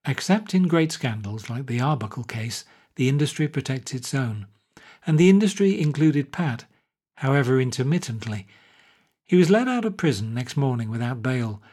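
A man reading a short story aloud in a measured, wry narration. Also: medium pitch, a little mellow, slightly rough. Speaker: audiobook narrator. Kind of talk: scripted narration.

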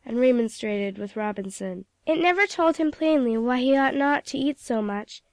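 Storybook narrator, woman, fairly high voice, dry close recording. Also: animated, normal speed, no room sound. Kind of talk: storybook reading.

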